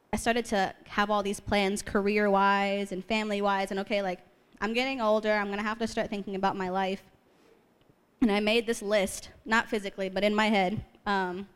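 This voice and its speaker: A young woman from the East Coast shares her testimony in an animated storytelling voice. She mixes self-deprecating jokes into the story and jumps up in pitch whenever she quotes her own past prayers. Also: clean tone. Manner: self-deprecating humor with frequent laughs. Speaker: speaker sharing testimony. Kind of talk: personal testimony talk.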